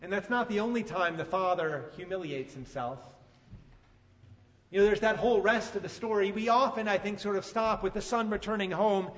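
High-voiced animated male preacher. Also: normal speed, big-room sound. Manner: animated, emphatic storytelling. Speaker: pastor. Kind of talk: sermon.

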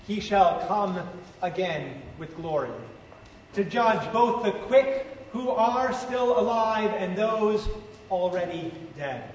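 A man preaching a sermon as pastor, slow and emphatic with dramatic pauses, recorded in a large church hall. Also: high voice, animated, a little hiss or hum. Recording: echoey church hall, far-off mic.

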